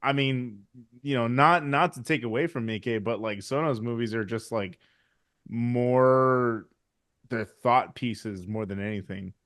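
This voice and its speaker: An easygoing man on a podcast talks through a movie in loose, rambling sentences full of fillers. He laughs often and backs his co-host up with murmurs. His voice sits at an ordinary middle pitch. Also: measured pace, a bit bright. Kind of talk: casual film discussion.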